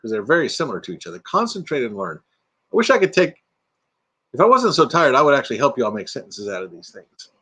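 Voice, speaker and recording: Lively, chatty retired man hosting a livestream. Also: mid-range voice, fast, breathy edge. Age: retired, middle-aged or older. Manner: chatty and playful, reads out names and jokes, hums tunes. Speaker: livestream host. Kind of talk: casual live chat reading viewer comments. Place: inside an RV.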